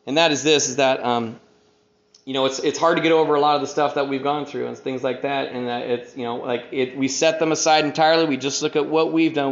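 A man's voice: mid-range voice, vocal fry. A middle-aged man giving a personal recovery talk at a meeting, rambling and conversational, with lots of "you know", acting out the people he quotes. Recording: roomy, dull lo-fi recording of a talk.

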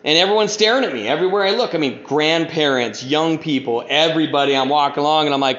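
A man's voice: fairly high pitch, fast, few pauses, a bit bright. Rambling man telling his story, echoey room. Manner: rambling, heavy on "you know", acts out quoted people. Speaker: speaker sharing his recovery story. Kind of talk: casual storytelling. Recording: echoey room, dull lo-fi sound.

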